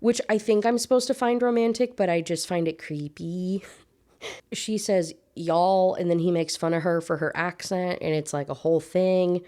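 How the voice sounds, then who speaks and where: A young woman with a Southern US accent talks through a romance novel she clearly dislikes. Her voice sits on the lower side, and her sarcasm and exasperated laughter come through in every complaint. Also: normal speed, dark tone. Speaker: book reviewer. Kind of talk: casual book rant with read-aloud excerpts.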